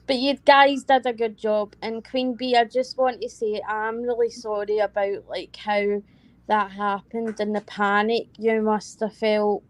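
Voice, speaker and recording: A woman's voice: medium pitch, fairly even intonation, measured pace, dry recording. A woman with a Scottish accent, chatting casually as a panel guest, rambling and apologetic. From Scotland. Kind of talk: casual chat.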